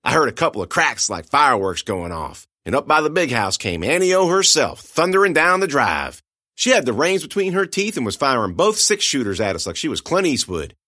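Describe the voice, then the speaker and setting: A man narrating a first-person audiobook with lively, expressive storytelling. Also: mid-range voice, fairly quick, no room sound, clean studio sound.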